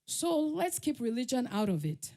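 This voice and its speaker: Brief: middle-aged Nigerian woman, conference speaker, animated storyteller, higher voice, swooping and expressive. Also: moderate pace. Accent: Nigerian English. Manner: lively, laughs often, acts out quotes.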